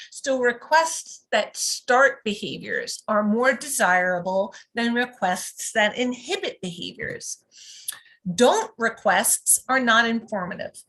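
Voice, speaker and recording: A woman with a slightly high voice teaches parents in a calm, instructive way. She speaks over a video call. Her tone stays measured and clear. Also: low-quality recording. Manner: calm and instructive, lively when modeling praise. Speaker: parent coach. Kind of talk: teaching talk on live video.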